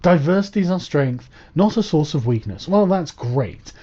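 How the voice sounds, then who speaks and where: A man's voice: fairly high pitch, expressive, moderate pace, mellow, muffled recording. Sarcastic man mocking a politician. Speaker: commentator. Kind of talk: reaction commentary.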